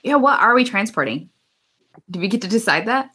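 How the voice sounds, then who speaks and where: A woman playing a tabletop game, chatting in a friendly, relaxed way. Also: a little high, a little fast, slightly rough. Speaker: player. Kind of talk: casual game chat.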